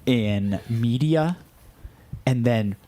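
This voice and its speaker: A man co-hosting a relaxed online chat show, quick with a joke and a playful aside. His voice has a plain middle pitch, and he keeps the tone light throughout. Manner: playful, jokey banter. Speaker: co-host. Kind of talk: casual chat.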